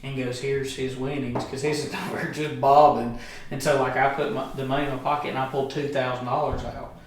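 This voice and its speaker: A man's voice: medium pitch, level tone, fairly quick, slight background noise. A middle-aged man, a guest telling a profane, rambling story in casual chat. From Alabama, US. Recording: echoey room, distant mic.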